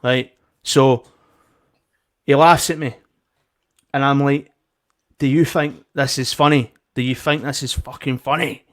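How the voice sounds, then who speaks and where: A man's voice: mid-range voice, steady tone, unhurried, pauses often. A young Scottish man telling a heated story in casual chat, swearing and acting out both sides of an argument. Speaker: podcast co-host.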